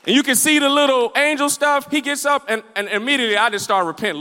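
A male pastor preaches with lively call-and-response, repeating his questions and acting out his stories. His voice is high and ringing bright, and it carries through a large church sanctuary with a long echo. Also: quick pace, few pauses. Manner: storytelling, acts out the scenes he describes. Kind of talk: sermon. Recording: echoey church hall.

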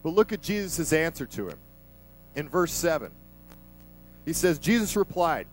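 Conversational preacher man, slightly high voice. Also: big pitch swings, moderate pace, long pauses, soft background music, rough recording. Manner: conversational, emphatic, vivid retelling. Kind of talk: sermon.

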